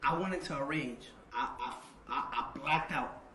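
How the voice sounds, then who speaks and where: A man telling a long story as an interview guest, animated and repeating words as he acts out what people said. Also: a little high, normal speed. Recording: echoey room with faint noise.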